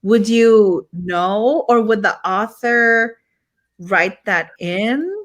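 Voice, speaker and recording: A woman in a casual group chat, relaxed and hesitant with frequent ums. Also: medium pitch, very slow.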